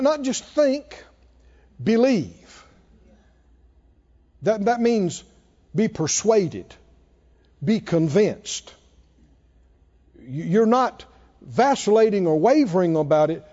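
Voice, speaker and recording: A man preaching with a high, very lively voice that leaps up and falls away as he stresses single words. His tone is mellow and dark, and he takes his time. The sound is dull and lo-fi, with a long hall reverb behind him. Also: slow, pauses often. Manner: emphatic, repeats and stresses words, rises and drops sharply. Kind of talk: sermon.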